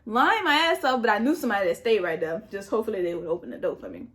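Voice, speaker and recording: Animated young woman telling a story. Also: mid-range voice, very fast. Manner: animated, repetitive retelling with swearing. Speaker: vlogger. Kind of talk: casual storytime while eating.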